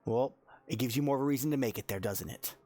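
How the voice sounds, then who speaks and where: A man's voice: medium pitch, quick pace, mellow. A man narrating as dungeon master in a tabletop game, hesitant, with many ums and restarts. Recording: faint music behind.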